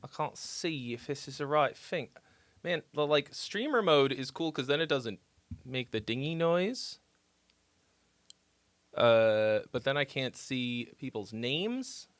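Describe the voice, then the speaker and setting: A man's voice: medium pitch, lively intonation, slow pace, dry recording. A man hosting a live stream where he critiques fans' songs, chatting loosely, swearing and reacting on the fly. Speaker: livestream host critiquing fan songs. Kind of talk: casual live-stream chat.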